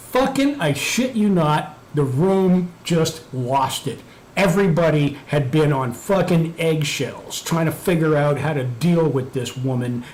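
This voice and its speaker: A man hosting a live stream, chatting casually and telling a profane story while muttering over his computer work. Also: on the high side. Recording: echoey room, faint background noise.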